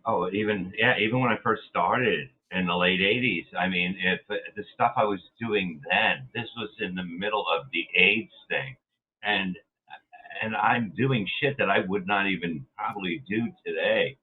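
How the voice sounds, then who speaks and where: Blunt, husky man on a tinny line. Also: fairly low pitch. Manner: rambling, blunt storytelling with swearing. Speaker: guest comedian. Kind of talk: casual podcast chat.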